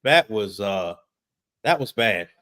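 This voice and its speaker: A man's voice: fairly low pitch, lively intonation, slow, sharp tone. A man co-hosting a casual sports podcast over a video call, emphatic and frustrated, often repeating words. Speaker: podcast co-host. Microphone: remote video call.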